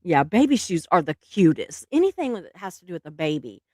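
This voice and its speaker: A woman's voice: on the low side, very animated, brisk, a little mellow, no room sound, clean studio sound. A woman, hosting a casual livestream and chatting with viewers, laughing often and restarting her sentences. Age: 50s. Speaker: livestream host. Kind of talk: casual chat with live viewers.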